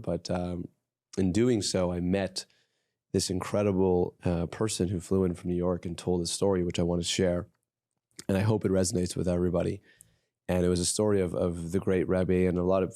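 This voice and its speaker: A man hosting a podcast, telling a story in a relaxed, hesitant way in casual interview chat. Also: low-pitched, no echo, clean studio sound. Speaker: podcast host.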